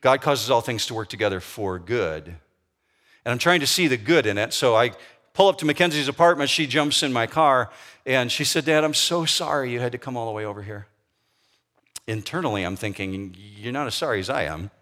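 Middle-aged Midwestern pastor, mid-range voice, chatty storytelling sermon with questions to the congregation. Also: male voice, medium pitch, moderate pace, bright, forceful tone. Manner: storytelling, conversational, asks the audience questions.

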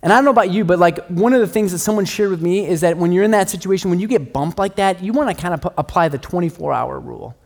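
A middle-aged male pastor delivering a sermon in a relaxed, conversational way. His voice sits a little higher than most men's, and he pokes fun at himself as he tells everyday stories. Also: quick pace, gravelly, few pauses. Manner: conversational, self-deprecating storytelling.

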